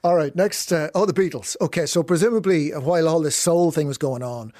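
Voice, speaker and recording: A man's voice: on the high side, a little fast, a little mellow, no echo, clean studio sound. A man hosting an interview, teasing his guest and prompting her with questions. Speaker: host. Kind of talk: casual interview chat.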